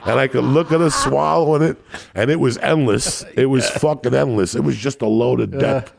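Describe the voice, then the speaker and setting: A man telling crude, profane comic stories on a podcast in a rambling, raucous way, with a gravelly, raspy voice. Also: medium pitch, moderate pace. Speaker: podcast guest.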